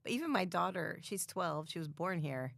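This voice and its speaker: Gravelly American woman in her fifties. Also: lowish voice, moderate pace, dry recording. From United States. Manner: relaxed, laughs often. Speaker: podcast guest. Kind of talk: casual chat.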